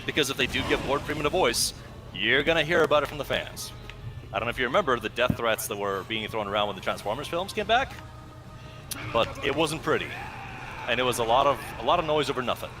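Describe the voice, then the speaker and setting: A man's voice: mid-range voice, animated, fast talker, music in the background. A man co-hosting a gameplay video, talking in a musing, analytical, wordy way. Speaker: co-host gaming commentator. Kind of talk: casual gameplay chat.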